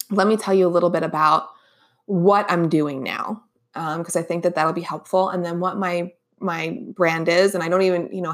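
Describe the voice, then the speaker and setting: A woman in her forties hosts a solo podcast and talks casually straight to her listeners. She rambles warmly through a personal story, full of fillers and restarts. Her voice sits a little low for a woman. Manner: chatty, many fillers and restarts. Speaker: podcast host.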